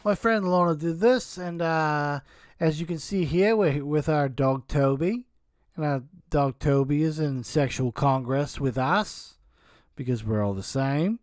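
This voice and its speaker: A man's voice: medium pitch, sing-song, normal speed, few pauses, warm tone. A man putting on a mocking voice as a dreamy woman describing a drawing.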